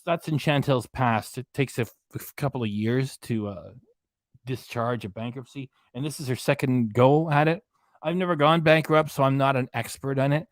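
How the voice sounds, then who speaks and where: A man from Ontario, Canada, hosts a live-stream reaction show. He gives opinionated, gossipy commentary full of rambling asides, in a voice of ordinary pitch. The sound is dry and close. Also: no room sound. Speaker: reaction channel host.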